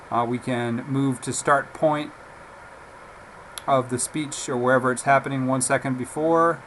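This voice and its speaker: A man giving a casual, relaxed software demonstration, talking haltingly with frequent fillers. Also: mid-range voice, slight background noise, low-quality recording. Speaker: software reviewer. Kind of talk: casual screen-recorded software demo.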